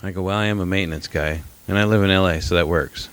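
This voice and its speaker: A man's voice: sits low, steady tone, fast talker, a bit bright, dry recording. A middle-aged man co-hosting a podcast, telling a story in rambling casual chat, repeating himself and swearing now and then. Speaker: podcast co-host.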